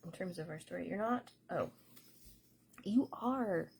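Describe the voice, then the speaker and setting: A woman hosting a casual tarot reading chat, unhurried and rambling, with a lot of fillers. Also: medium pitch, expressive, dark tone, slight background noise. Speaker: tarot reader and host.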